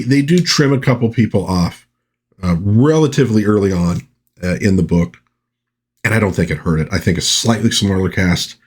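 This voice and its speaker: A man's voice: fairly low pitch, darkish tone, breathy edge. A man giving a casual comic book review, chatty and rambling with wry asides. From United States.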